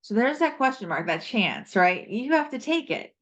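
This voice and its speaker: A woman's voice: a little high, very animated, normal speed. A woman giving a casual, rambling tarot reading, reflective and full of asides and fillers. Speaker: tarot reader. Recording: dull lo-fi recording.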